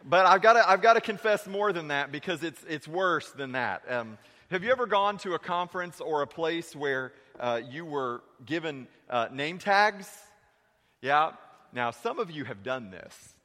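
A man preaching a sermon in a church, shifting between lively questions and hushed, heavy confessions. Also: moderate pace. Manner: preaching with dramatic voice shifts, dropping low and quiet for confessions. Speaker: pastor. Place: church sanctuary. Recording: long reverb of a sanctuary.

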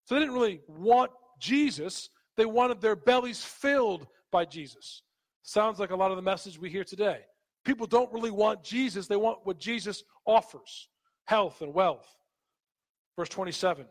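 Man, pastor, fairly high voice, scripture reading and sermon, emphatic. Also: normal speed, long reverb tail. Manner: reads scripture then preaches, rising to emphatic exhortation.

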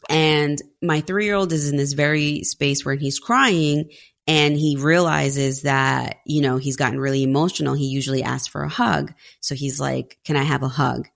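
A woman's voice: deep voice, steady tone, normal speed, gravelly. A woman in her thirties telling candid stories about family life in a casual conversation, with many fillers. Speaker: podcast guest.

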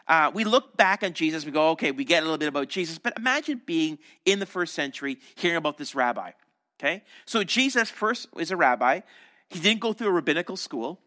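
A male pastor delivers an animated sermon, slipping into quick voices for the people in his stories. His voice sits high and bright, and it swings widely in pitch as he preaches. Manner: animated storytelling, acting out voices of crowds and disciples.

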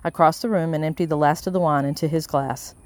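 An audiobook narrator reading a first-person story in a steady, measured way. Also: mid-range voice.

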